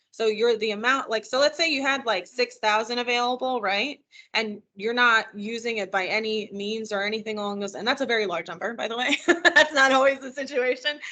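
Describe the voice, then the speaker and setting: A woman teaches a virtual money skills class over a computer microphone, chatty and encouraging. Her voice sits a little high and sounds bright and forward. She often stops to answer questions from the people attending. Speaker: financial wellness trainer. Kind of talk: live virtual training session. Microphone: computer mic on a video call.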